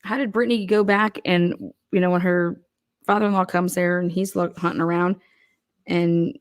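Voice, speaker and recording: A woman's voice: fairly low pitch, fairly even intonation, normal speed. A woman giving casual, profane true crime commentary, blunt and heated, firing off rhetorical questions.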